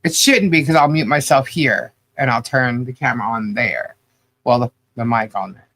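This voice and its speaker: A man's voice: medium pitch, normal speed, sharp tone. A man hosting a livestream who chats casually and rattles off viewers' names. He sounds a bit stuffy and nasal from the humidity and allergies. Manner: upbeat, chatty, rattles off names. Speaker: livestream co-host.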